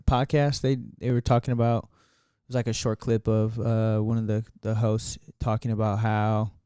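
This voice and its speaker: A man's voice: fairly low pitch, level tone, moderate pace, mellow, smooth, no room sound, studio quality. A man co-hosting a podcast, rambling through his thoughts with lots of fillers in casual chat. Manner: rambling, thinks aloud with many fillers. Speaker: podcast co-host.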